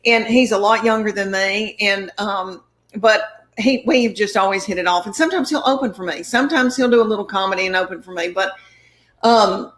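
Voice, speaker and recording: Middle-aged woman comedian, chatty storyteller, rambling and warm-hearted in tone; medium pitch. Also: a little fast. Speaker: comedian guest. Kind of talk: casual storytelling.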